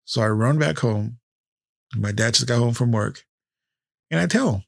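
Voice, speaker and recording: Gravelly man in his fifties, swearing. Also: mid-range voice, moderate pace, no echo, studio quality. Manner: candid, heavy swearing. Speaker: podcast host. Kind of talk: casual personal storytelling.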